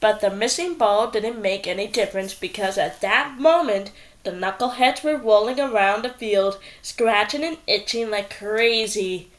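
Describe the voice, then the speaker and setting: A woman reading a children's book aloud in a playful, expressive way. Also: medium pitch, a little slow. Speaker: storyteller.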